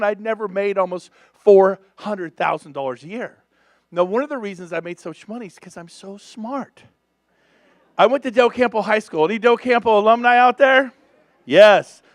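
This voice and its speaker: A man in his fifties from California, giving a lively, joking motivational talk on stage to a seminar audience. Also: sits high, moderate pace, no room sound, clean studio sound. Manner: energetic, joking, revs up the crowd. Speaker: real estate speaker at a business seminar.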